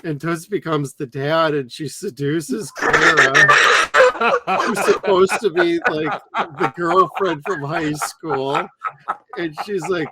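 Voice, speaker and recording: A man's voice: fairly high pitch, a little slow, heavy background noise. A man co-hosting a podcast, chatting casually and enthusiastically, rambling a little as he reviews a cartoon series. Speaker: podcast co-host. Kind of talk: casual chat.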